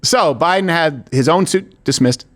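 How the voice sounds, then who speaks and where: A man hosting a comedic political commentary show, sarcastic and quick to laugh. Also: on the high side, a bit bright. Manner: sarcastic, bursts into laughter and mock voices. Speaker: show host.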